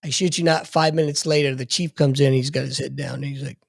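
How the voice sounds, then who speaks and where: A man's voice: mid-range voice, steady tone, fast, gravelly, dry recording, studio quality. A man in his forties telling a profane story in a casual podcast chat.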